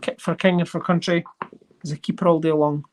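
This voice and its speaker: Coin collecting host, casual livestream chat, rambling, excitable. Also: medium pitch, brisk. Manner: chatty and rambling, excitable over finds. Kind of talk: casual livestream chat while sorting coins.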